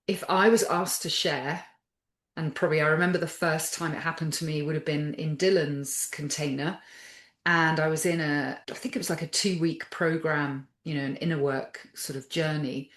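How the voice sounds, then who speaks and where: A woman guest speaking in a soft, thoughtful, conversational way, circling her phrases with fillers as she reflects. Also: sits low, echoey room. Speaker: podcast guest.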